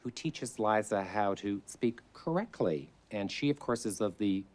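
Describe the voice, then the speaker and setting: An actor playing an eager, theater-obsessed middle-aged shop owner who talks in an earnest, rambling way in a mockumentary interview. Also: male voice, lowish voice, expressive, measured pace. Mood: gushing. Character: eager theater-mad middle-aged man, sweetly self-absorbed.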